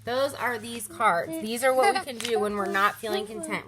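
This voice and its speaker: A woman's voice: fairly high pitch, steady tone, moderate pace, hardly any pauses, heavy background noise. A woman in her thirties, a children's ministry leader, walking volunteers through a lesson plan from home in a chatty way. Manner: chatty, stops to correct her children mid-explanation. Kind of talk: recorded lesson walkthrough.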